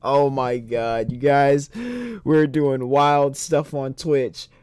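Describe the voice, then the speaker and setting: A young man streaming a rhythm game, commenting excitedly, swearing often and laughing a lot, reading the game's dialogue aloud. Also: mid-range voice, slow pace, clean tone, no room sound, clean studio sound. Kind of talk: gameplay commentary.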